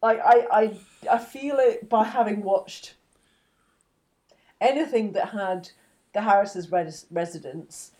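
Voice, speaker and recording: A woman's voice: mid-range voice, slow pace, warm tone. Blunt, laughing woman podcaster. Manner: blunt, swearing, laughs often. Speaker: podcast co-host. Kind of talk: casual chat.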